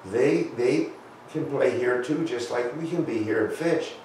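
A man's voice: medium pitch, unhurried, darkish tone, slight background noise, close to an everyday voice. A man voicing a patient old grandpa bear from a storybook, soothing and coaxing. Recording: echoey church from far off.

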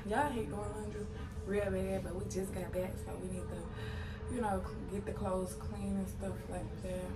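A woman's voice: mid-range voice, fairly even intonation, unhurried, roomy sound, over loud music. A tired young woman chatting casually to her viewers in a vlog, a little out of breath, sometimes talking to her baby. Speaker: vlogger. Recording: loud background noise.

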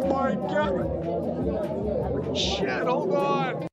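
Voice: medium pitch, expressive, moderate pace, a loud crowd. Incredulous, swearing gaming streamer. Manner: swearing, incredulous, laughing reactions. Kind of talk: let's-play commentary. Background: game music.

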